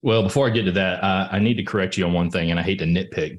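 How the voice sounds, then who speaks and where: A man's voice: deep voice, fast talker, few pauses. A man speaking as a panel guest in a casual discussion, with dry, teasing humor.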